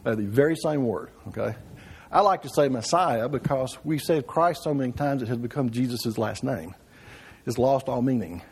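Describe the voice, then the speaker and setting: A man's voice: medium pitch, normal speed, slightly rough. A man teaching an informal church Bible class, often asking the room questions and checking in with "right?". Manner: conversational, asks the class questions with frequent "right?".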